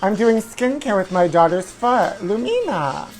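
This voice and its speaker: With faint music behind him, a man hosts in character as a self-absorbed woman fronting a trashy tabloid talk show, a campy gossipy livestream comedy. His high voice is animated and measured in pace as he drawls "honey" at everyone and lets loose whooping shrieks.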